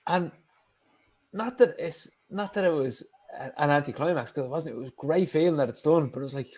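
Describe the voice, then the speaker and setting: A man's voice: fairly high pitch, fairly quick, a little mellow. An Irish man, a guest on a show, telling a story in casual chat, with lots of fillers and the odd swear word.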